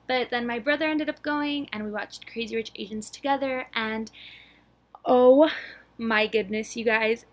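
A young woman hosting her own podcast, talking in a bubbly, chatty way with lots of "like" and a slightly breathless excitement. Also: a little high. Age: young adult. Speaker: podcast host. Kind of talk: casual solo podcast chat.

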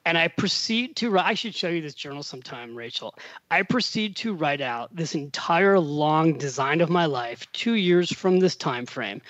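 Middle aged guy spinning a story on a podcast, kinda high voice, dry muffled audio. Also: dry recording. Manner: animated storyteller, acts out quotes. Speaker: podcast guest, author. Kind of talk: casual storytelling conversation.

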